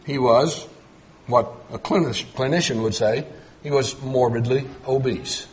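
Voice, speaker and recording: A middle-aged man preaching a sermon, telling folksy stories and swinging between loud emphatic points and quiet low asides. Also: measured pace. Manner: storytelling with folksy humor.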